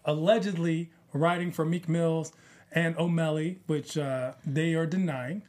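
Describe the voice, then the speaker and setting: A man's voice: a little high, steady tone, a little slow, darkish tone. A man co-hosting a casual entertainment news chat, talking in a chatty, teasing way with frequent restarts.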